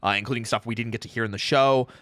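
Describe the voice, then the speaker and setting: A man hosting a casual watch-along chat, excitedly explaining trivia with frequent restarts. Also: mid-range voice, racing, no room sound, studio quality.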